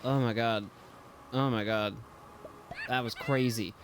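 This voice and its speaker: A man's voice: mid-range voice, takes it slowly, noisy background. A man streaming a video game live, chatting casually, swearing and yelping when things go wrong. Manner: excitable, swears freely, yelps and talks to chat. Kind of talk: casual live gameplay commentary.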